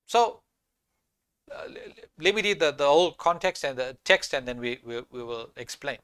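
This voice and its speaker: A man's voice: medium pitch, animated, normal speed, a bit bright, clear, resonant tone, no echo. A man preaching a sermon, reading scripture aloud and repeating key phrases for emphasis.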